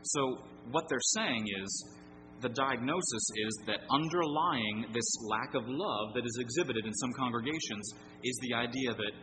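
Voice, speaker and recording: A man's voice: mid-range voice, moderate pace, bright, forceful tone, soft background music. A middle-aged male pastor preaching an evening sermon, earnest and emphatic, repeating key phrases for weight. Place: church sanctuary. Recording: long hall reverb with background hum.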